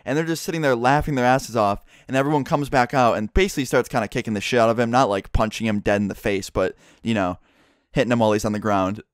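Fast-talking young man telling a story. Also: medium pitch, no echo, clean studio sound. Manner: animated retelling, acts out friends' lines, heavy swearing. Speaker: vlogger. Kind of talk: casual storytime vlog.

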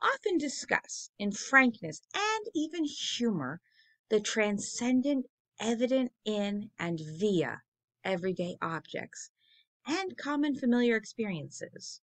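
Female college instructor, video lecture, bright tone, conversational, sounds out rhythms aloud. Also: mid-range voice. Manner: chatty, self-correcting, asks students questions; taps out rhythms by voice.

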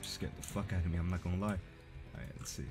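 A man's voice: low-pitched, fairly even intonation, a little fast. A young man streaming a horror game, giving a profane, jumpy, joking running commentary. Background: game music.

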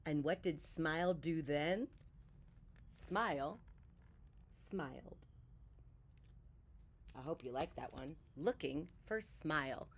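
A woman reading a picture book aloud to children, expressive and unhurried, sometimes sinking to a soft whisper. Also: low-pitched. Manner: animated, slow and expressive, drops to soft whispers. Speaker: children's story reader. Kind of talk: read-aloud storytelling for children.

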